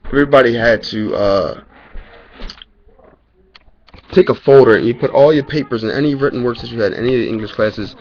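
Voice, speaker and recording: A man's voice: medium pitch, a little fast, pauses often, lo-fi sound, a little hiss or hum. A young man, a college student, telling his story in a rambling, profane rant full of fillers, recorded indoors on a camera mic. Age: young adult. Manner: profane, rambling, lots of "you know" fillers. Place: indoors at home, dim room.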